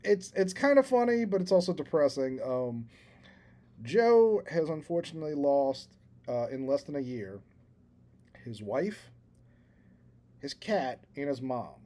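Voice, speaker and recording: A man co-hosts a casual podcast, telling a story at length. His voice is mellow and relaxed, and he mocks himself and laughs along as he talks. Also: on the high side, measured pace, long pauses. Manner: rambling storyteller, self-deprecating, laughs at himself. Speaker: podcast co-host. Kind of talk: casual chat.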